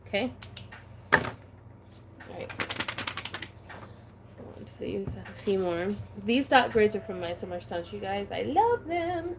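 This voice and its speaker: A woman's voice: mid-range voice, unhurried, pauses often, background noise. A woman vlogger chatting casually while she stamps her planner, giggly and talking with a valley-girl lilt.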